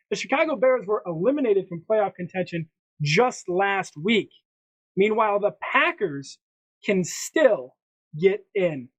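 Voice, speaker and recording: Chatty sports podcast host, lo-fi. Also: male voice, high-pitched, lively intonation, a little slow. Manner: chatty, hype-style presenting with frequent restarts. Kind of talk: casual sports chat. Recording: dull lo-fi sound.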